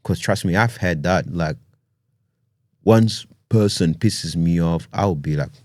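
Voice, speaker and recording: A man with a very low, mellow voice hosts a podcast and talks in an easygoing but earnest way. He often tags his thoughts with "you know" and "man". The sound is close and dry. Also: slow, no echo. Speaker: podcast host. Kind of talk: casual podcast monologue.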